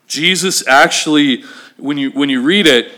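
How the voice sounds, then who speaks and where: Male pastor, animated sermon delivery, slightly high voice, asks the congregation questions. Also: measured pace.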